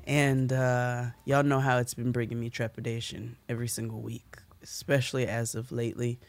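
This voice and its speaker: A woman co-hosting a podcast in casual chat, playful and quick to laugh. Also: extremely low pitch, little pitch movement, over music. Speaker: podcast co-host.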